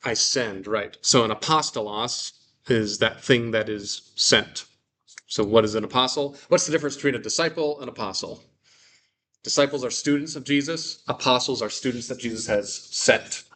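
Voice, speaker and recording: In a loose, relaxed Bible Greek class, a man reads example sentences out loud and unpacks them slowly with casual fillers. His voice sits in the mid range.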